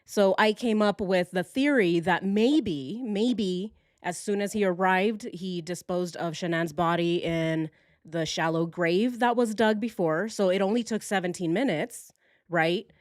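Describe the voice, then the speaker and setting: A woman's voice: fairly low pitch, dry recording, studio quality. A woman hosting a true crime live stream from home, chatting casually and animatedly with her viewers, recorded on her phone. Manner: chatty and animated, quick asides and self-correcting. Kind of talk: casual chat to a live audience.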